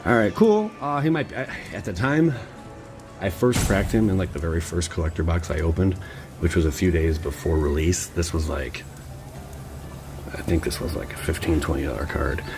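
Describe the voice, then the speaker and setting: Rambling low-voiced guy opening card packs. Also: normal speed, music in the background. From Cleveland area, Ohio. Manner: rambling, excitable, slangy asides to viewers. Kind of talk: casual chat while opening card packs.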